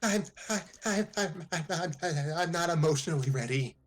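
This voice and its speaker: A man voicing an excitable, starstruck young woman trainer who squeaks, gushes and stammers. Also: normal speed, natural voice. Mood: flustered.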